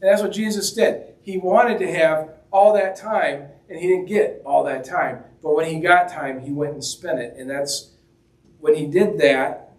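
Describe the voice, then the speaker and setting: A man's voice: a little high, a little slow. A man preaching a sermon in a conversational, joking way, acting out the quoted lines as he goes. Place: church hall. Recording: roomy echo, mic at a distance.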